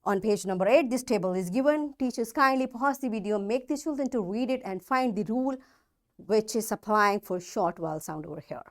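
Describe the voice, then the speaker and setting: A woman's voice: mid-range voice, a little fast. A woman with a Pakistani English accent teaching a recorded phonics lesson to children, patiently repeating example words and checking that they follow.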